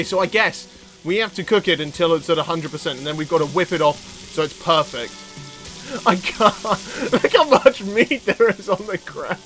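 A young man with an English accent hosting a let's play, reacting loudly and laughing at the game. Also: sits high. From England. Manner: excitable, yelling and laughing at the game. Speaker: gaming channel host.

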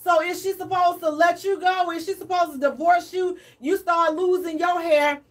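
High-voiced woman hosting radio, emphatic and preachy, mic a bit far off. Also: steady tone, normal speed. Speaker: radio show host. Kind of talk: casual advice chat.

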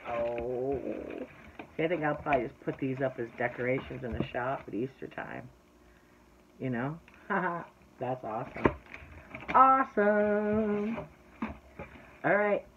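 A woman's voice: very deep voice, moderate pace, dull audio, noisy background. Chatty woman unboxing a craft haul. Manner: rambling, talks to viewers, slips into an exasperated rant. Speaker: craft vlogger and shop owner.

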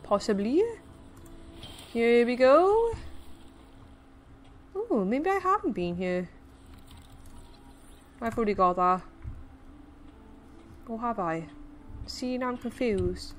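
A woman's voice: fairly high pitch, expressive, takes it slowly, long pauses, slight background noise. Jumpy woman narrating her gameplay. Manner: jumpy, squealing when scared, self-mocking. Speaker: gaming streamer. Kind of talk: casual let's-play commentary.

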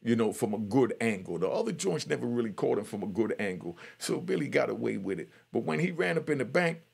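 A man's voice: mid-range voice, sing-song, fast, darkish tone. An older man telling a true story in a casual, streetwise way, often checking in with "you know what I mean". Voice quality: gravelly.

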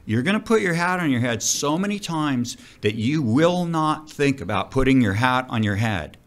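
A middle-aged man, a commercial diving instructor, telling stories in a casual interview, animated and profane. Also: mid-range voice, normal speed. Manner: animated, profane, vivid storyteller.

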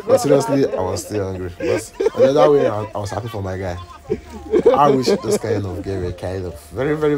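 Nigerian guy telling his skit story, animated, pidgin bits, people talking in the background. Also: fairly low pitch. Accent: Nigerian Pidgin English. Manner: animated, laughing, drops into Pidgin. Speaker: comedy skit creator. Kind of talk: casual storytelling to viewers. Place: live gallery with people around.

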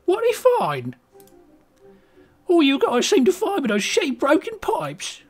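A man voicing a nagging British wife in a falsetto with a bad put-on British accent. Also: huge pitch swings, unhurried, soft background music, exaggerated voice. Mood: teasing.

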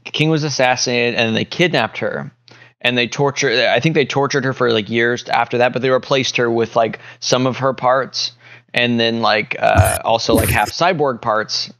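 A man co-hosting a casual podcast, rambling through a mock conspiracy theory with a deadpan tone and lots of fillers. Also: mid-range voice, normal speed. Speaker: podcast co-host. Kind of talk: casual joking chat.

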